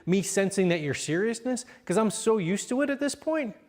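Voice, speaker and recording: A man with a slightly raised pitch leads a parenting seminar. He talks calmly and encouragingly, and drops into quiet, even examples of what to say to a child. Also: moderate pace. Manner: calm, affirming, acts out level-toned examples. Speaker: seminar leader. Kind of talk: coaching parents in a live seminar.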